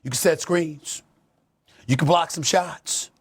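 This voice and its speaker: Husky, fired-up sports debate man. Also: fairly high pitch, takes it slowly. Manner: impassioned, preachy, builds to shouting. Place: TV studio.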